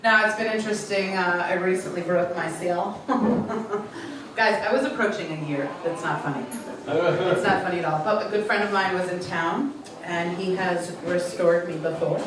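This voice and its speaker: A young woman from Long Island doing a stand-up set in a comedy club, dropping deadpan one-liners and chatting with the crowd, in a Long Island accent. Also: lowish voice, normal speed. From Long Island, New York. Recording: echoey club from far off, noisy. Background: audience laughter.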